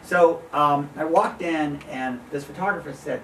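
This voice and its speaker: A middle-aged photographer giving an informal slide talk to a gallery audience, an animated storyteller who laughs often and acts out the voices he quotes. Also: a little high, unhurried, recorded from a distance, a little hiss or hum. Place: small art gallery with an audience. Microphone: room recording from a distance. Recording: echoey gallery room, voice from off-mic.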